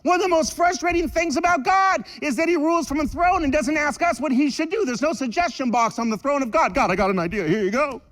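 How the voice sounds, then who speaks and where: High-voiced, animated joking pastor. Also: male voice, a little fast, hardly any pauses, big-room sound. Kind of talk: sermon. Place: church.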